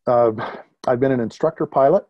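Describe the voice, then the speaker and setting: A man in his fifties, a retired military pilot, telling lively anecdotes as an interview guest and chuckling at his own stories. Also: mid-range voice, fairly quick, dry recording, highs cut off. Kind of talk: conversational interview storytelling.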